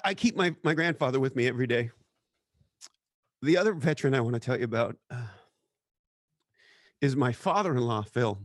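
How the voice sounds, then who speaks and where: A man's voice: medium pitch, gravelly, dry recording, studio quality. A middle-aged man speaking as a podcast guest, telling personal stories in an earnest, reflective way. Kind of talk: casual chat.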